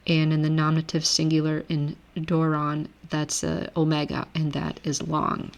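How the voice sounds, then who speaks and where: A woman teaching a recorded grammar lesson, explaining rules step by step in a relaxed way and correcting herself as she goes. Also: low-pitched, normal speed, vocal fry. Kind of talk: recorded lecture over screen.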